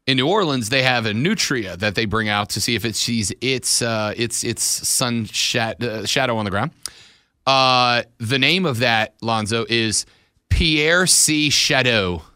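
Bright-voiced teasing sports radio host, male. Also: mid-range voice, a little slow, no room sound, clean studio sound. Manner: teasing, animated hype. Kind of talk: sports talk radio banter. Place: radio studio.

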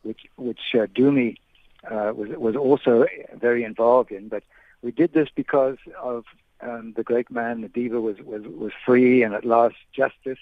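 An older man phones in to a radio show, his voice squeezed thin by the telephone line. He speaks haltingly, doubling back over words and restarting sentences as he remembers. The sound is dry and close, with no room around it. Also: medium pitch, steady tone, no room sound. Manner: hesitant, many repeated words and restarts. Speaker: guest, veteran sports broadcaster. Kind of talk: phone-in reminiscence.

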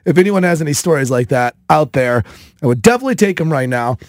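A man in his thirties hosting a podcast, telling a casual story in an animated way, with many fillers. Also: on the high side, fast talker, no echo, clean studio sound. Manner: animated, filler-heavy with frequent "like". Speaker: podcast host.

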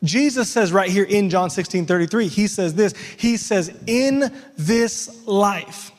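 A man preaching a sermon as pastor, speaking emphatically and mixing in lively everyday asides. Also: high-pitched, normal speed, long reverb tail.

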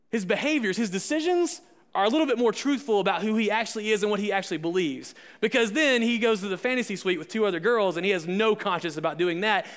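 A young man with a high, bright voice preaches a casual sermon to his congregation. He talks in an easy, conversational way, full of "like" and quick jokey asides, swinging between loud, punchy calls to the room and quieter reflection. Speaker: pastor. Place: church service with live audience.

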